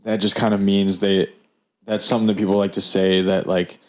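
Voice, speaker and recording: Male podcast co-host, low-pitched, loose casual chat with many restarts. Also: level tone, a little fast, a bit bright. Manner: rambling, many fillers and restarts.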